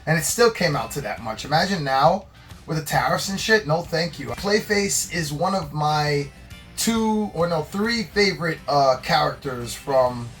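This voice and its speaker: A man hosting a toy review in casual chat, excitable and jokey, swearing freely. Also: on the high side, a little slow, faint music behind. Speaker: host.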